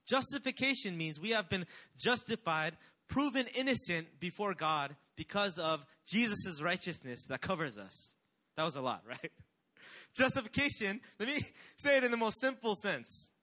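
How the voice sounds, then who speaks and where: Casting note: young male pastor, sermon delivery, high animated voice with lots of swing, call-and-response energy. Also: normal speed.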